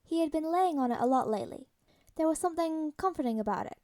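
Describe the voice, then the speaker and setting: A woman narrating fanfiction in a plain, steady reading voice. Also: high-pitched, fast talker. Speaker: fanfiction reader. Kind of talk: podfic narration.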